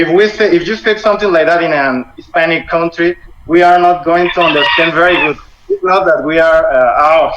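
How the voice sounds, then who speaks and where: Latin American man teaching over a video call. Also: fairly high pitch. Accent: Latin American Spanish. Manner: patient, explains grammar slowly in simple English with small slips. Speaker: Spanish teacher. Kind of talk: online language lesson. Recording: muffled video-call audio with faint noise.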